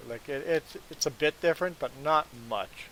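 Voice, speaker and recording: A man's voice: a little high, moderate pace, a bit bright, slight background noise, rough recording. A man hosting a casual gaming livestream, chatting with viewers, laughing often and stumbling through restarts as he explains things. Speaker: livestream host.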